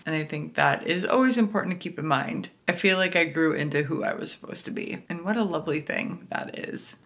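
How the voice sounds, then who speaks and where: A woman chatting casually in a reading vlog, excitable and gushing about her book and her day. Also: low-pitched, creaky. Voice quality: excitable, gushing, quick to squeal. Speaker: book vlogger.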